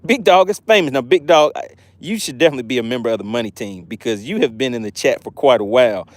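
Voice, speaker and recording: A man hosting a fishing live stream while he fishes. He reads the chat aloud, keeps exclaiming in excitement and keeps plugging channel membership. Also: medium pitch, quick pace, no echo. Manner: chatty and promotional. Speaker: fishing livestream host.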